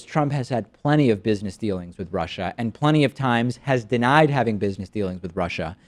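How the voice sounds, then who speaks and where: A man's voice: medium pitch, a little mellow. A man in his thirties delivers scripted political commentary in a mid-range voice. He reads quotes aloud with a mocking, sarcastic bite. His delivery is that of a show host working through a prepared rundown.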